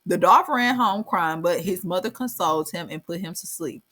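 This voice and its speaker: A woman's voice: fairly low pitch, animated, normal speed, a bit bright. Woman storytelling, reads then riffs, voice jumps all over, slangy, keeps saying baby. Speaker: channel host. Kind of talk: reading a legend aloud with comic commentary.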